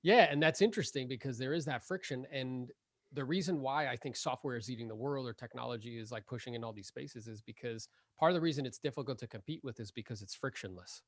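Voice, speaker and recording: A man's voice: mid-range voice, fast, no echo, clean studio sound. A man hosting a podcast, chatting casually and animatedly with his guest, laughing often and leaning on "like". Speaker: podcast host. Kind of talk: casual interview chat.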